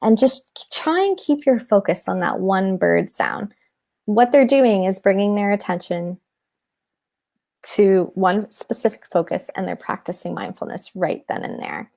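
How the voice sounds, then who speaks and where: A woman guest who teaches mindfulness to children, explaining techniques in an animated way in a casual interview. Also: medium pitch, a little slow, gravelly. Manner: animated, demonstrates with props and breathing.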